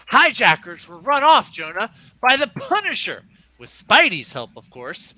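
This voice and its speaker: A man's voice: very high-pitched, wildly swooping pitch, measured pace, pushed and bright, muffled recording. A man reading a comic aloud, voicing a flustered young photographer in a jokey way. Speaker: comic reader. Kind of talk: comic read-along, voicing a character.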